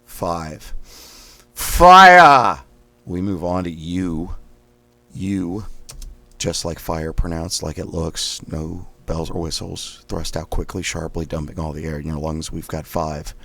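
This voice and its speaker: Guy running voice drills, slow calm talk, counts reps, sits mid pitch, dry close sound. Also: creaky, dry recording. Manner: calm instructions between loud, sharp drill sounds; counts repetitions aloud. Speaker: host leading daily voice exercises. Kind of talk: guided voice exercise lesson.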